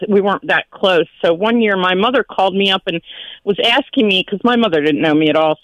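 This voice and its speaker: A woman's voice: medium pitch, a bit bright, no echo, rough recording. Chatty woman caller telling a story. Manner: chatty storyteller, giggles through her telling. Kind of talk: casual phone-in chat.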